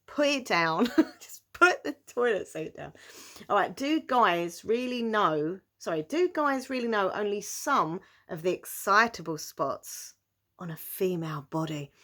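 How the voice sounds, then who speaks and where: A woman's voice: mid-range voice, lively intonation, measured pace, fairly bright tone. A young British woman chatting casually to camera as she answers viewer questions, giggling often and speaking with many fillers. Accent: British English.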